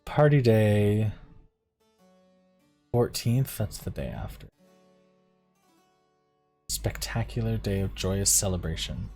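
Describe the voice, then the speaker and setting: A man's voice: low-pitched, sing-song, unhurried, creaky, long pauses, a little mellow, husky, faint music behind. A man streaming a visual novel, reading its text aloud and musing casually about his choices. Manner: casual, musing aloud between read passages. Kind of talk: let's-play game reading and commentary.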